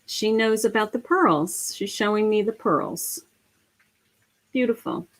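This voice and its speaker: A middle-aged woman giving a live psychic reading, speaking gently and emotionally with many pauses and fillers. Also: medium pitch. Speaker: psychic medium.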